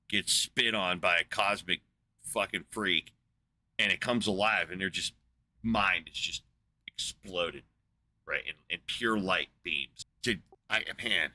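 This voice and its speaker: A man's voice: deep voice, sharp tone. A man hosting a podcast in casual chat, rambling and sarcastic with a lot of swearing. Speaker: podcast host.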